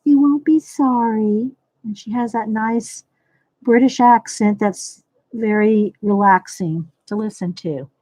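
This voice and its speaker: A woman's voice: fairly high pitch, slow pace, dark tone, dry recording. A woman hosting a casual live coloring tutorial, thinking aloud as she works and greeting viewers by name. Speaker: livestream host demonstrating coloring.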